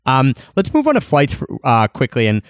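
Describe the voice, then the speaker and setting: A man co-hosting a travel podcast, recapping trips in a relaxed, chatty way with plenty of fillers and restarts. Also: mid-range voice, moderate pace, no echo, studio quality. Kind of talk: casual conversational recap.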